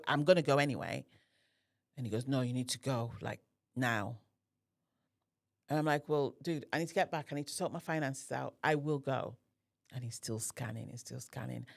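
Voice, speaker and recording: A woman's voice: a bass voice, fairly quick, vocal fry. A woman, a podcast guest, telling a personal story in conversation and acting out the other people's voices. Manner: animated, acts out the voices of others in her story.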